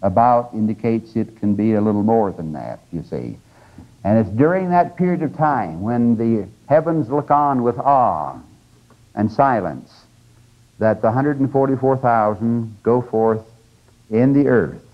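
A man's voice: medium pitch, animated, a little slow. An older man giving a conversational, emphatic religious lecture, with teaching asides to his audience. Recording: dull lo-fi lecture tape.

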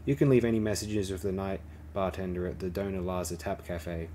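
A man reading the lines of a shrewd male smuggler who talks calmly and reasonably. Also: sits low, a little fast, slight background noise, lightly acted. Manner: calm, reasonable tone.

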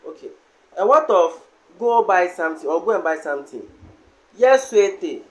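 A man teaching a language lesson, saying each word slowly and repeating it several times. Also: high voice, lively intonation.

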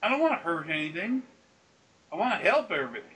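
A man's voice: sits high, big pitch swings, fast talker, bright, forceful tone, recorded from a distance, low-quality recording. A man talking as a spiritual consultant in a casual, rambling, folksy way, often acting out voices in his stories.

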